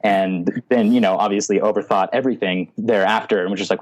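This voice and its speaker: A man's voice: fairly low pitch, quick pace, few pauses, a little mellow. A young man telling a story in a rambling, casual way as a podcast guest, with lots of filler words.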